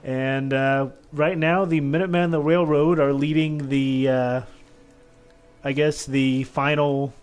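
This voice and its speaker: A man's voice: mid-range voice, flat delivery, measured pace, faint music behind. A man co-hosting a game stream, chatting casually and hesitantly with plenty of fillers. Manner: easygoing, hesitant, lots of fillers. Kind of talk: casual chat.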